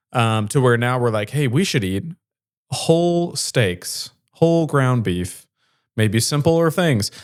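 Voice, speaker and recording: A man's voice: medium pitch, no echo, clean studio sound. A man hosting a local news show, reading stories and chatting casually with a rambling manner and many fillers. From Fayette area. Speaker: local news podcast host.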